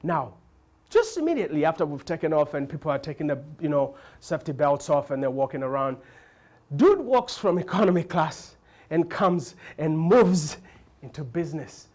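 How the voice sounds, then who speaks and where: A man with a Ugandan English accent telling comic stories, acting out characters as he goes. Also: normal speed. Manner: animated, acts out characters with big pitch jumps. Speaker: comedian. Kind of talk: stand-up storytelling.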